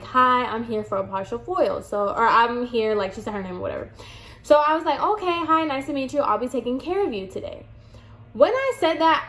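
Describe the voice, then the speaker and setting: A young woman in her twenties, a hairstylist, chatting casually and animatedly as she retells a client story with quoted dialogue. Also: medium pitch.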